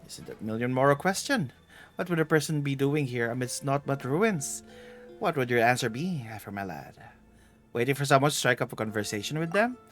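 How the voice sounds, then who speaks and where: A man's voice: medium pitch, lively intonation, fairly quick, soft background music, lightly acted. A man reading the lines of a teasing, vain aging female treasure hunter aloud while streaming a game.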